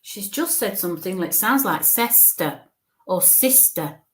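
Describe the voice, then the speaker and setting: A woman medium giving a live reading, speaking haltingly, searching for words, repeating phrases and often checking in with the listener. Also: medium pitch, lively intonation, a bit bright. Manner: searches for words mid-sentence. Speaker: spiritualist medium.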